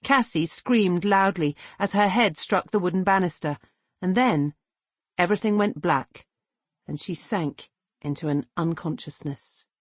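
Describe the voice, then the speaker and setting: A woman reading a dramatic novel aloud as an audiobook narrator, measured and expressive, close to the mic. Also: on the low side, no room sound. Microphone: close studio mic.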